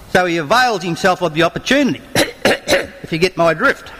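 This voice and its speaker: A man's voice: high-pitched, lively intonation, fairly bright tone, in a large hall. An Australian man, a songwriter, telling yarns and jokes to a live audience in a folksy, chatty way. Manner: folksy, chatty, slow-building delivery. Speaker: songwriter and yarn-teller. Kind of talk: live storytelling and joke-telling.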